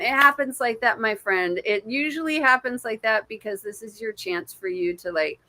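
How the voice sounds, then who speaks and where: A woman's voice: mid-range voice, pushed and bright. A woman giving live intuitive readings to viewers on a stream, casual and encouraging, with plenty of swearing and pet names like babe and my friend. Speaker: intuitive reader.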